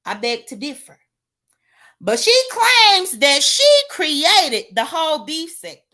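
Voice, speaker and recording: A woman doing sassy, animated gossip commentary, greeting viewers by name and laughing between points. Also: sits high, takes it slowly. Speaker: livestream commentator.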